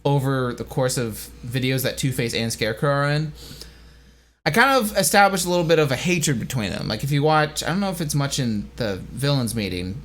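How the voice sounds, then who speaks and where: A man's voice: mid-range voice, expressive, brisk, a bit bright. A man hosting a casual commentary on his own animation, rambling with many fillers and restarts.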